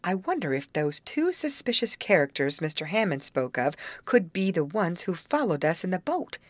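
A woman's voice: fairly low pitch, big pitch swings, moderate pace, no echo. A woman reading a curious young woman. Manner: musing, curious.

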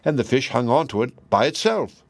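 A man's voice: medium pitch, very animated, fairly quick, dry recording. A man voicing a cunning male fox trickster in a raised, teasing voice. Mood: sly.

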